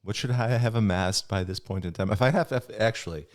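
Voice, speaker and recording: A man's voice: on the low side, fairly quick. A middle-aged man hosting a podcast, talking in a casual, reflective, rambling way with restarts and chuckles. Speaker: podcast host.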